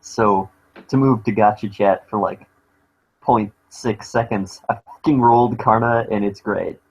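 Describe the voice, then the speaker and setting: A man's voice: on the low side, steady tone, measured pace, husky. A young man in a casual group chat over a voice call, laid-back with terse replies. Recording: dull lo-fi voice call.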